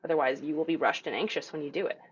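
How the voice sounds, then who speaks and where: A woman's voice: low voice, fairly even intonation, rapid-fire, husky. Woman, voice teacher, casual and encouraging, video call, dull lo-fi sound. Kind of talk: online group voice lesson.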